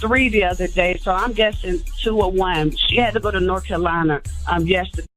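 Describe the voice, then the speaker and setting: A woman calling in to a radio show, talking haltingly with many fillers. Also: fairly low pitch, faint music behind, low-quality recording. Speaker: caller. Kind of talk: phone-in call.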